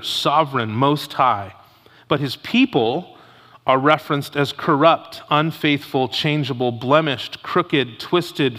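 A man's voice: mid-range voice, bright, forceful tone. A man preaching an expository sermon, emphatic and reading Scripture aloud in a church sanctuary. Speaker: pastor. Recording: long hall reverb.

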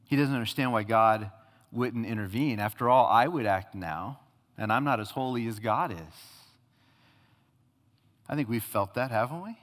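A man's voice: medium pitch, moderate pace, a bit bright, long reverb tail. A man preaching a sermon, earnestly acting out God and the prophet in dialogue. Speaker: pastor.

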